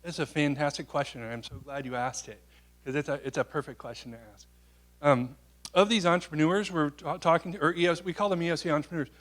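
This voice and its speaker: A man giving a public talk, answering an audience question with a lively story. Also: fairly high pitch, fast. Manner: animated storyteller, quotes people in their voices. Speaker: guest speaker.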